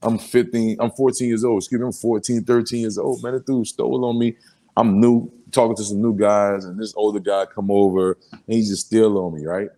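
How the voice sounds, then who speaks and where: A rapper from New Orleans, Louisiana in a casual sit-down interview, telling emotional stories in street slang and filler phrases. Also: male voice, fairly low pitch, fairly even intonation, brisk, mellow.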